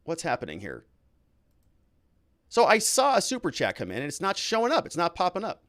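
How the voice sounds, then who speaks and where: A man's voice: fairly high pitch, huge pitch swings, a little fast, a bit bright, dry recording, studio quality. A man hosting a casual livestream, reading viewer comments aloud and answering them in a blunt, opinionated way with irritated asides. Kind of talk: casual live-stream commentary.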